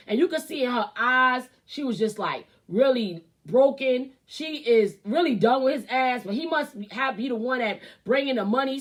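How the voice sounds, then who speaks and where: A woman with a high voice rants as a show host, cursing freely and talking bluntly. Her delivery is heated and opinionated, running from flat asides to loud outbursts. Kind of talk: ranting commentary.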